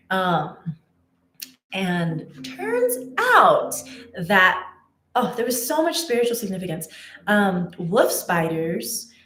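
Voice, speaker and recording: A woman's voice: lowish voice, reverberant. A woman telling a personal story in a casual, chatty way, with many fillers and restarts. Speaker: spiritual content creator.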